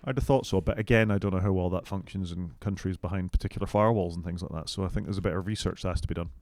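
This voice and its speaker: A man with a fairly low voice co-hosts a relaxed tech podcast, weighing his points carefully with a dry, sceptical edge. The recording is close and dry, with no room echo. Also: very fast. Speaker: podcast co-host. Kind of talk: casual tech chat.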